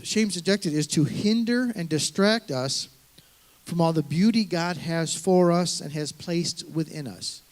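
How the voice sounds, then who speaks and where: A middle-aged man preaches to his congregation in an earnest, conversational way. His voice sits in an ordinary middle pitch, and he often circles back and restarts a phrase as he works through his point. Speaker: pastor. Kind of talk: sermon.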